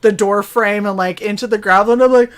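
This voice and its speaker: A woman co-hosting a casual livestream, telling an animated story, acting out the voices she quotes and laughing as she goes. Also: medium pitch, a little fast. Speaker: co-host of a chill stream.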